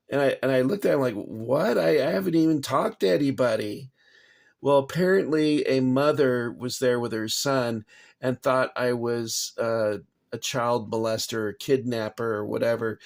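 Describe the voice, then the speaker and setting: A man's voice: mid-range voice, moderate pace, gravelly. A man vlogging from his kitchen about collecting toy soldiers, rambling and agitated, swearing and then apologizing. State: shaking after anger. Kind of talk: casual rambling vlog. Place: home kitchen.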